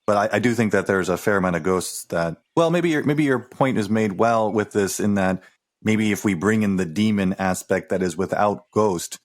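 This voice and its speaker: A man co-hosting a podcast, speaking in a measured, reflective way. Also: lowish voice. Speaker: podcast co-host. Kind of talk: casual movie discussion.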